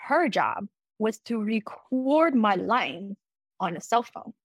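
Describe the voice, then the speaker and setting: A young adult woman musician, a guest in a casual interview, telling lively stories with casual swearing and acting out what others said. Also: medium pitch, takes it slowly, no room sound. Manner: animated, acts out quoted dialogue, casual swearing.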